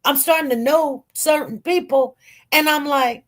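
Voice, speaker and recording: A woman with a Detroit accent telling her own story to viewers in an animated, emphatic way, often repeating her words. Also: high-pitched, unhurried. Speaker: live-stream commentator.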